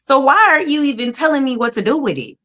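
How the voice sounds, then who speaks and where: A woman's voice: high-pitched, big pitch swings, quick pace, sharp tone. A woman in her thirties and a mother, talking candidly and emphatically with lots of profanity in a casual livestream chat over a video call. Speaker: co-host and mother.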